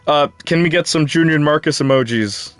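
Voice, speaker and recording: A man's voice: on the high side, fairly quick, fairly bright tone, no echo. A young man hosting a live game stream, chatting casually and answering viewer comments. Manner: chatty, jumpy, talks back to chat.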